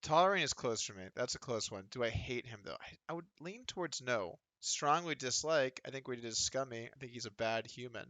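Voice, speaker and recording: A man in his thirties rambles through a casual poker livestream, dry humor running through his chatter. His voice is bright and a little tense. It sits close to the microphone in a dry room with no echo. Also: medium pitch, fast, few pauses. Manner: rambling, sardonic, mocking impressions of others. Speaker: poker streamer. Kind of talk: casual livestream chat while playing online poker.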